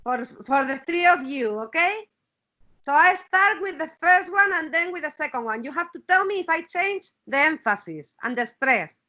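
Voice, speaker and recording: High-voiced Spanish-accented woman teaching online. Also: animated, normal speed, bright, forceful tone, rough recording. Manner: repeats words while searching, checks with "okay?". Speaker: English teacher. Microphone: video call.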